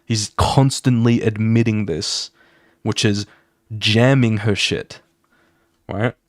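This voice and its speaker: A young man streaming while he draws, casually talking through his comic's scenes in an excited, swear-filled way and acting them out with sound effects. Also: fairly low pitch, slow pace, no room sound, studio quality. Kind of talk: casual live-stream chat while drawing.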